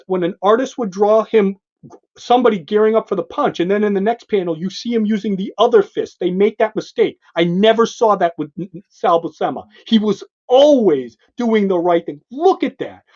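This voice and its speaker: A male co-host in an excited comic book discussion, emphatic and animated, pointing out panel after panel. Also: high voice, normal speed. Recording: dull lo-fi sound.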